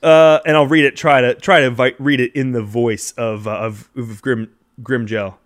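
A man's voice: medium pitch, steady tone. A man co-hosting a podcast, reading out listener reviews with lots of fillers and restarts in a casual chat. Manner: halting, many fillers and restarts.

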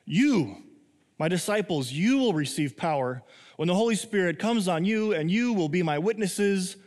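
Male pastor, young adult, sermon, slightly high voice, animated and joking, long hall reverb. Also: moderate pace. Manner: animated, laughs and jokes, acts out scenes.

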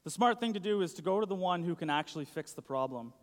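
A man's voice: sits high, animated, fast. A young man giving a casual sermon, chatty and full of "like". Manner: chatty, uses "like" a lot. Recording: long hall reverb.

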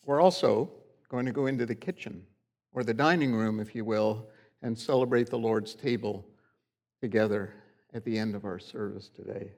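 A man's voice: lowish voice, normal speed, darkish tone. A middle-aged man preaching a sermon in a church, in a conversational, folksy storytelling way. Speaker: pastor. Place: church sanctuary.

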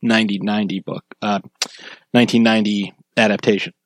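A man co-hosting a casual podcast chat about a film, relaxed and agreeable, with lots of fillers. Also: lowish voice, brisk, no echo, rough recording. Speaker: podcast co-host.

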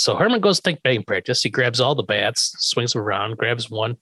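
A man co-hosting a podcast, chatting casually and in an animated way about a TV episode. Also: medium pitch, a little fast, no echo. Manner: animated, acts out lines from scenes. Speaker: podcast co-host recapping a TV episode. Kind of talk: casual chat.

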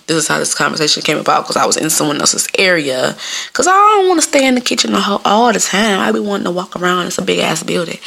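Profane gravelly-voiced woman podcaster. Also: pushed and bright. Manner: profane, loose storytelling; acts out voices with big pitch jumps. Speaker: podcast host. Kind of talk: casual solo podcast monologue.

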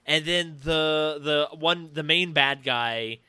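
A man's voice: on the high side, slow pace, sharp tone, clean tone, dry recording. A man co-hosting a casual movie review podcast, chatty and full of "like" fillers as he retells scenes. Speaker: podcast co-host.

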